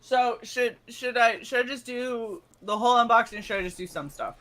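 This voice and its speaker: A woman's voice: on the high side, normal speed, fairly bright tone. A young woman co-hosting a casual stream, animatedly telling stories, swearing freely and acting out quotes. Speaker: stream co-host. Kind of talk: casual storytelling chat.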